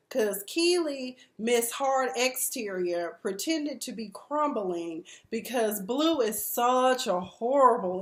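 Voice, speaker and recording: A woman in her forties giving blunt, candid, profane casual commentary on a reality TV show. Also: medium pitch. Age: 40s. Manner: blunt, candid, profane, mimics the people she discusses. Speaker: reality TV recap vlogger. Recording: roomy echo.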